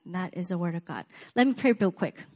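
A woman's voice: fairly low pitch, lively intonation, quick pace, darkish tone. A woman preaching a sermon in a casual, chatty way, with many fillers and asides to the congregation.

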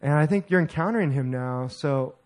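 A middle-aged male pastor delivers a sermon as a lively story. He laughs often and acts out each line of dialogue with animation. His voice sits a little high for a man. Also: brisk.

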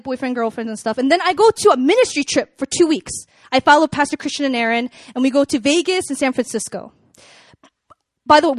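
A young woman speaking to a live audience in a casual sermon style, chatty and animated, with lots of "like" and "you know.". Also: high-pitched, no room sound, studio quality. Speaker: speaker at a church gathering.

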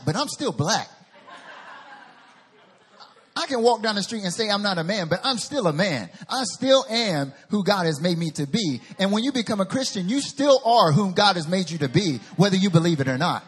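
Pastor, male, Southern US accent, high husky voice, lively sermon delivery. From North Carolina. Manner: lively, addresses the congregation directly.

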